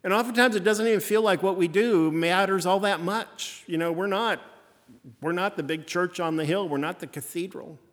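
Folksy pastor in a reverberant church. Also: male voice, high-pitched, moderate pace. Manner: folksy, repeating refrains. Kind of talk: conversational sermon.

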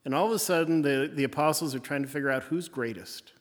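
Male pastor, folksy conversational sermon, slightly high voice, long reverb. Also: fast talker. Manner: folksy, repeating refrains.

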